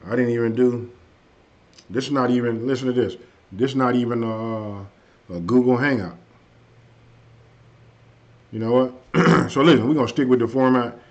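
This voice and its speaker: A man hosting a casual live stream, chatting loosely with viewers and saying his energy is low tonight. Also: fairly even intonation, moderate pace, long pauses. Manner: loose and conversational, frequent "hey" and "you know what I mean". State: a bit under the weather, low energy. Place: at home. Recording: dull lo-fi stream audio.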